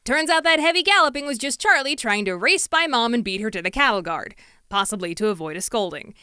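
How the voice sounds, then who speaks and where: A young adult woman telling a comedic story in a playful, animated way, swinging her voice up and down as she acts out the people she quotes. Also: a little high, a little fast, clear, resonant tone, no echo. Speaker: storytelling YouTuber.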